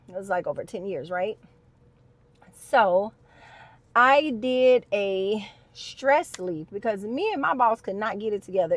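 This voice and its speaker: Chatty high-voiced woman telling a story. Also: no room sound. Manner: animated, chatty, addresses viewers as y'all. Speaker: storyteller vlogger. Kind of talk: casual story time.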